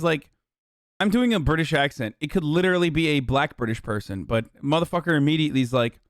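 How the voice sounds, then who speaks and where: Gravelly-voiced sarcastic male streamer. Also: fairly high pitch, fast, dry recording, studio quality. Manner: profane, sarcastic. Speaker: streamer host. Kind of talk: casual live-stream commentary.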